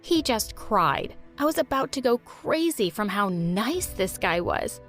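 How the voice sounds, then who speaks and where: A young woman narrating a first-person storytime tale with animated delivery and sarcastic asides. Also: medium pitch. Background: faint music.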